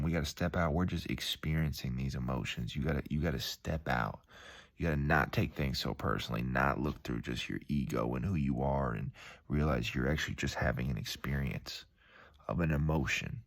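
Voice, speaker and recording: A young man rambles in a relaxed, easygoing way, tossing in dude and man as he goes. His voice sits very low. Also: normal speed, gravelly. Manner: laid-back, calls the listener dude and man, mimics angry voices in stories. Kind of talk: rambling casual monologue.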